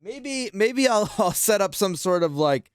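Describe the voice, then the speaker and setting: A man's voice: high-pitched, animated, measured pace, smooth, no room sound, clean studio sound. A man streaming a video game, chatting casually and animatedly, swearing freely and laughing often. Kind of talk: casual live-stream chat.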